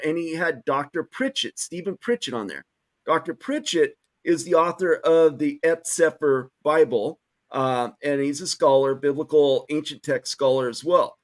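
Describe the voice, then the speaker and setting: A man hosting a talk show, delivering a fiery, swearing political rant. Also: a little high. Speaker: host.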